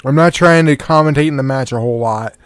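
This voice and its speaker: A man's voice: mid-range voice, quick pace, clean tone, no room sound. A sleepy man hosting a podcast, giving casual, rambling commentary on a match and swearing now and then. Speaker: podcast host.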